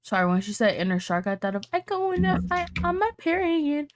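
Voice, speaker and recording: A woman's voice: high voice, sing-song, a little fast, faint music behind. A woman co-hosting a podcast, reading out online posts and reacting with brash, profane commentary. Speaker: podcast co-host.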